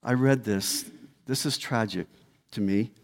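A man's voice: fairly low pitch, a little slow. Emphatic male pastor. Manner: emphatic, repeats key words. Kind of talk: sermon. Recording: long hall reverb.

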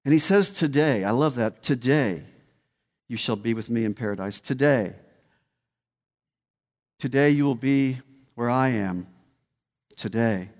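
A man's voice: medium pitch, unhurried, long pauses, darkish tone. A man preaching a sermon as pastor, emphatic and repeating key words. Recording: long hall reverb.

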